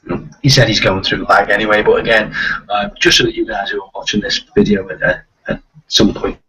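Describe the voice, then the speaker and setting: A man with a gentle Liverpool accent chats loosely as host of a live stream, trailing off into fillers and restarts. His voice is low and very husky, with lively swings in pitch. The sound is distant and muffled, like a webcam mic. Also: brisk. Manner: rambling, many fillers and restarts. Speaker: host of a live video chat. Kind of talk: casual live-stream chat.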